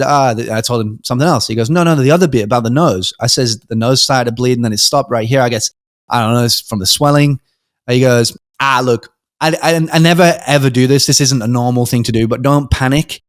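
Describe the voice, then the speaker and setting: A young man who grew up in Britain tells a personal story as a podcast guest, at an ordinary mid-range pitch. He talks casually, stumbling and restarting, and slips into the voices of the people in his story. The recording is close and dry. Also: dry recording. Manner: animated storyteller, acts out quoted voices, frequent ums and restarts.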